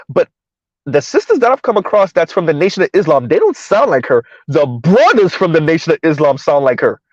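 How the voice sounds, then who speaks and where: A man's voice: sits high, dry recording, muffled recording. A man hosting a casual commentary show, talking in a blunt, sarcastic, rambling way.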